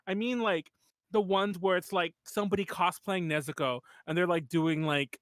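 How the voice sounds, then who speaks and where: A man co-hosting a live podcast stream in casual, animated chat, laughing and swearing as he talks. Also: high voice, moderate pace, no room sound. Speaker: podcast co-host.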